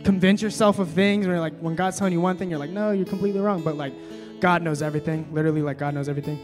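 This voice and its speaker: A young man preaching at a young adults service, moving between quiet reading and loud, emphatic exhortation, with casual fillers when he tells a story. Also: fairly high pitch, flat delivery, rapid-fire, music in the background. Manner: casual, many fillers when telling stories. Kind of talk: sermon.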